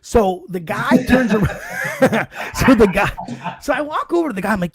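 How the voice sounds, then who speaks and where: A man's voice: sits high, fairly quick, slightly rough, no echo. A man co-hosting a podcast, telling a bar story in casual, profane chat and acting out the quoted lines. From Canada. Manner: animated, profane, acts out quoted dialogue. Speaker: podcast co-host.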